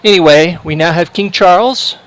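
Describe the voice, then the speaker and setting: A man's voice: high voice, normal speed, a bit bright, rough recording. A male sports livestream commentator making casual chat, telling a rambling story full of fillers and restarts.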